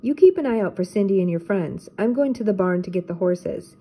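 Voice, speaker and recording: A helpful lodge worker from a storybook, cheerful and easygoing, in a mellow, warm voice, as a woman reading aloud puts him on. He sounds friendly and obliging. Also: sits high, expressive, fairly quick, slightly rough, exaggerated voice, poor audio.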